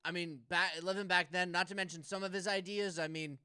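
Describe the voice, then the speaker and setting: A man's voice: high voice, steady tone, a little fast, bright, forceful tone, clean tone, dry recording, clean studio sound. A young man co-hosting a casual comedy podcast, rambling and stammering through restarts. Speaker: podcast co-host.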